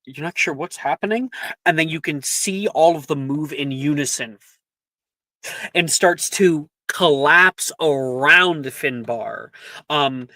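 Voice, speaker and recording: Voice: mid-range voice, takes it slowly, bright, forceful tone, no room sound. A game master narrating a tabletop game in a loose, chatty way with many fillers.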